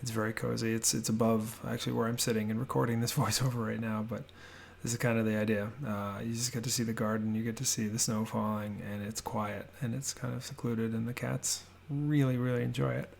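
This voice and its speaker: Recorded in his home office with slight background noise, a homebuilding vlogger voices over a house tour. His middle-pitched voice carries a gravelly fry, and his brisk, relaxed delivery has few pauses but plenty of fillers, restarts, and rambling.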